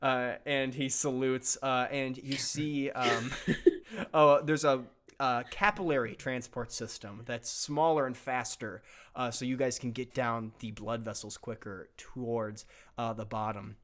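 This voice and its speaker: A man's voice: medium pitch, fairly even intonation, a little slow, a bit bright. Man game master, improvised comedic tabletop narration, loose and rambling. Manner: loose, rambling, many fillers.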